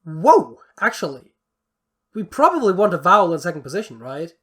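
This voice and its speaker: Podcast cohost rambling thru word guesses, mid pitch, lots of ums n swearing. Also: big pitch swings, normal speed, fairly bright tone, slightly rough. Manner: thinks aloud, muttering through word guesses; rambling, with many fillers and casual swearing. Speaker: podcast co-host. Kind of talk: casual chat.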